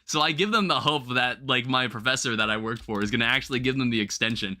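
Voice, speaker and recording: A young man hosting a livestream, chatting casually while gaming and telling rambling, animated stories with some swearing. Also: medium pitch, fast. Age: young adult. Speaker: livestream host.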